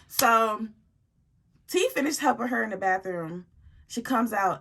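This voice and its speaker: A woman telling a story to her viewers in a casual, animated way, full of slang and swearing. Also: on the high side, unhurried.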